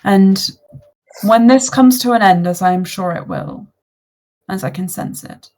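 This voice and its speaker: A woman's voice: mid-range voice, a little slow, darkish tone, natural voice. Woman playing an aloof, cryptic bound being. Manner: curt, solemn and mysterious.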